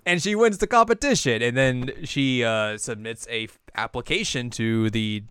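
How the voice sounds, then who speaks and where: Smooth-voiced young man recapping anime. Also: mid-range voice, normal speed, fairly bright tone, dry recording, studio quality. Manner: chatty, filler-heavy, laughs often. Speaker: podcast co-host. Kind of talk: casual anime episode recap.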